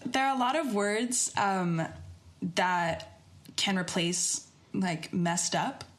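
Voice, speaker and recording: An American woman co-hosts a casual podcast. Her voice sits at a middle pitch. She tells anecdotes with energy and acts out the lines of the people in them. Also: slow pace. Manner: animated storyteller, acts out quotes. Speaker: podcast co-host.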